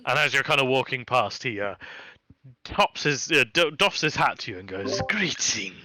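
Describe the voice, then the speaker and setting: A man narrating a tabletop game as dungeon master, relaxed and chatty with lots of fillers. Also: medium pitch, moderate pace, dry recording.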